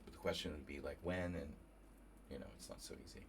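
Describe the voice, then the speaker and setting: With an extremely low, steady voice and a quick pace, the man from New Jersey casually commentates on his chess game live, reasoning aloud and talking with viewers against a noisy background.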